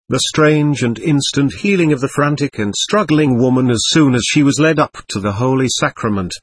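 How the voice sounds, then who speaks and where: A man narrating a classic novel as an audiobook, reading in a measured, earnest way. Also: mid-range voice, husky, no room sound.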